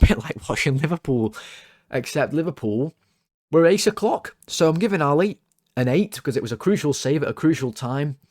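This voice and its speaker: An excitable man hosts his football fan channel, ranting and joking his way through player ratings with plenty of swearing. His voice sits at an ordinary middle pitch but leaps up sharply when he gets worked up. The sound is dry and close. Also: no room sound. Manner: excitable, swears, jokey rants with big pitch jumps. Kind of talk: casual football ratings monologue. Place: home.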